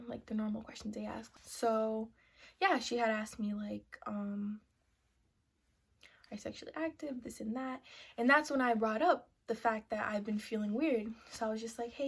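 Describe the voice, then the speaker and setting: Chatty young woman, slightly high voice. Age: young adult. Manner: chatty, full of "like" and "you know" fillers. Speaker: vlogger. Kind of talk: casual sit-down story time. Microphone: camera mic, seated to camera.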